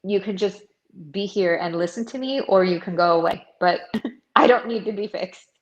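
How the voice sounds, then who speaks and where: A woman's voice: mid-range voice, normal speed. A woman guest on a podcast, speaking openly and reflectively in casual conversation. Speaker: podcast guest, Reiki master. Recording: muffled, roomy sound.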